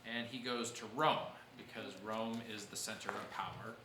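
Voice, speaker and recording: A man's voice: lowish voice, steady tone, moderate pace, reverberant, background noise. A man teaching a church history class, explaining events patiently and answering questions from his students.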